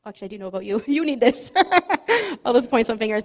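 A middle-aged woman giving a casual, chatty sermon, joking at her own expense and reading scripture slowly. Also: a little high, very animated. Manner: chatty and self-deprecating, laughs often, reads scripture slowly. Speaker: preacher.

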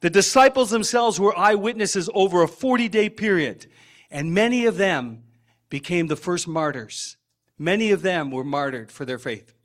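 A man with a fairly high voice preaches to his congregation in a church. He talks emphatically and circles back to repeat his key phrases. He turns to the people in the pews with friendly asides. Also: animated, normal speed. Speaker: pastor. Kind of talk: sermon. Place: church sanctuary.

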